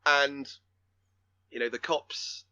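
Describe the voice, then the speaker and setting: A man's voice: mid-range voice, steady tone, slow, bright, forceful tone, clean tone, no room sound, lo-fi sound. A man co-hosting a film podcast, talking casually with lots of restarts and casual swearing. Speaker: podcast co-host.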